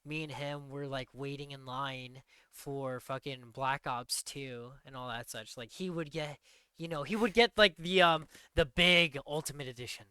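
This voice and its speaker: A young man chats on a podcast in a laid-back way, sprinkling in curses and fillers. His tone is bright and crisp, recorded very dry and close. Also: mid-range voice, normal speed, no echo. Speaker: podcast co-host. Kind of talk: casual chat.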